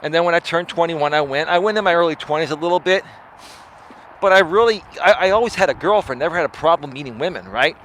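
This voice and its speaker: A man in his forties hosts a live stream as a life coach, talking in a loose monologue. He keeps checking in with "right?" as he goes. His voice sits fairly high, with a faint hum behind it. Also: fast, a bit bright. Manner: chatty, tags lines with "right?".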